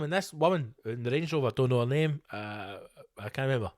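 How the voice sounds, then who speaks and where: Scottish man, podcast host, sweary comic rant, mid-pitched voice, dry close sound. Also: fast, no room sound. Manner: sweary, animated ranting with comic put-on voices. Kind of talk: ranting solo podcast.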